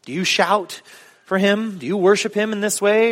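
Male pastor, slightly high voice, chatty sermon delivery with frequent ums, long church-hall reverb. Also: moderate pace. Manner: conversational, with filler ums and rising emphatic questions. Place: church sanctuary.

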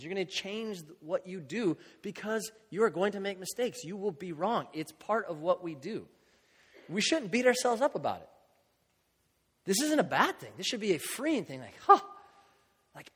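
A man's voice: sits high, big pitch swings, moderate pace, slightly rough. A middle-aged man preaching a conversational sermon, acting out the voices of people in his stories. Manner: conversational, acts out quoted voices. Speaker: pastor. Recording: long hall reverb.

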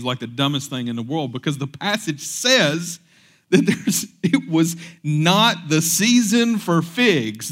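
A young man gives a relaxed, chatty sermon, reading scripture and then wandering into jokes and side stories. He talks in a slightly high voice and keeps dropping in fillers and restarting his sentences. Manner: casual, joking asides, frequent fillers and restarts. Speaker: pastor. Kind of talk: conversational sermon.

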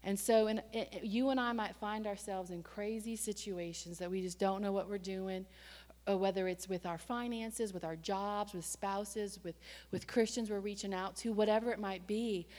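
A woman preaching a sermon and telling a personal story in a lively, conversational way, with sudden surges in pitch and loudness. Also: normal speed. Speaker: church staff member and preacher. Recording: long hall reverb.

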